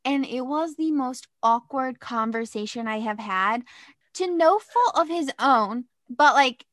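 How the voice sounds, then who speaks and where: A young woman telling a dating story in casual chat, animated and dramatic, with lots of "like". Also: sits high, measured pace, no room sound, studio quality.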